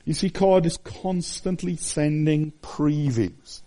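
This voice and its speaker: A man in his fifties, from Wales, preaching a conversational sermon that swings between high exclamations and hushed asides. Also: slow. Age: 50s.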